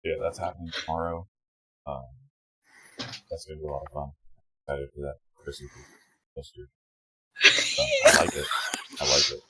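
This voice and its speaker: Very deep, hoarse man hosting. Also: steady tone, moderate pace, pauses often, sharp tone, no echo, low-quality recording. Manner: loose, rambling, loses his train of thought. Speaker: dungeon master. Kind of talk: casual show intro and announcements.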